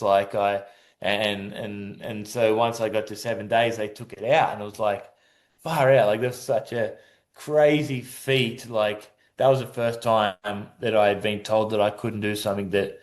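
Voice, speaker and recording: A man's voice: fairly low pitch, fairly even intonation, unhurried. A man telling a personal story in a casual interview, rambling with many restarts and acting out what people said. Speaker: guest, adaptive surfer.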